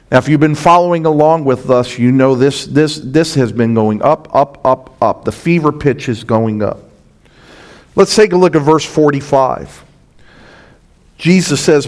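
A male pastor delivering a verse-by-verse sermon in a fairly high voice. He is earnest and emphatic, checking in with the congregation through quick rhetorical asides. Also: animated. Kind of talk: expository sermon.

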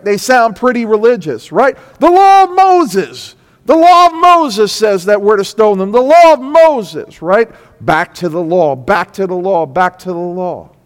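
A man preaching a sermon in a large hall, his voice ringing with long reverb. He speaks slowly and deliberately in a high register, hammering points home through repetition. He swings between hushed lines and loud, emphatic peaks. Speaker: pastor. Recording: echoey hall.

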